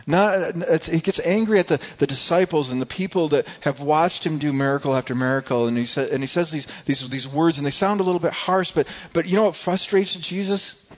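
A man's voice: fairly high pitch, fairly quick. A male pastor preaching a sermon in an earnest way, often repeating words as he searches for the next one. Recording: dull lo-fi recording.

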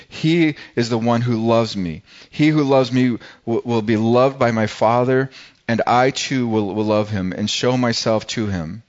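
A man's voice: mid-range voice, highs cut off. A man preaching a sermon in a casual, conversational way, often restarting and repeating words. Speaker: pastor. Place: church service.

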